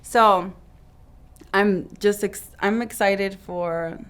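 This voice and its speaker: Brief: young woman, medium pitch, lively storyteller, casual interview. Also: drawn-out words, smooth. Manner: animated, acts out quotes, laughs often. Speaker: bride-to-be telling her proposal story. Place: video studio.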